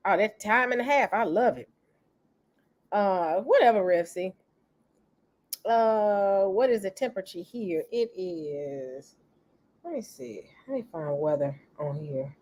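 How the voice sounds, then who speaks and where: In a mid-range, somewhat mellow voice, this middle-aged host talks slowly and pauses often, though her delivery stays animated. She's easygoing on her casual livestream, repeatedly welcoming viewers as they join and coughing occasionally.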